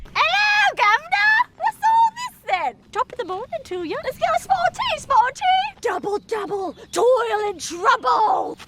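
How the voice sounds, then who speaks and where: A man putting on a shrill falsetto voice, playing a mocking, over-the-top prim Englishwoman with an English accent. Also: huge pitch swings, unhurried, exaggerated voice. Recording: loud background noise.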